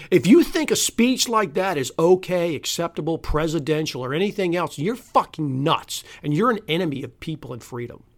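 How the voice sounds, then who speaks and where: A man hosting a solo podcast, ranting angrily and profanely, swinging between loud outrage and tired, muttered resignation. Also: on the high side, expressive, moderate pace. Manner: angry, profane, swings from shouting to weary muttering. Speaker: podcast host.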